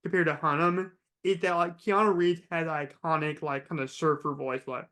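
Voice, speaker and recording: Film podcast co-host, male, slightly high voice, laid-back and joking. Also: fairly even intonation, moderate pace, pushed and bright. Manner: easygoing, agreeable, joking. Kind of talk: casual film discussion.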